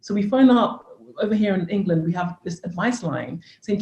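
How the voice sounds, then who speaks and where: A woman in her thirties, a podcast guest and coach, telling an earnest personal story in an animated way. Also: medium pitch, moderate pace, echoey room, poor audio. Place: living in England.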